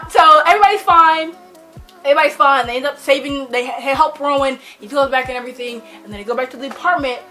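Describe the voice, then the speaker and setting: Bright high-voiced young woman gushing about books. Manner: rambling, gushing, heavy use of "like". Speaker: book vlogger. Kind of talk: casual book review chat.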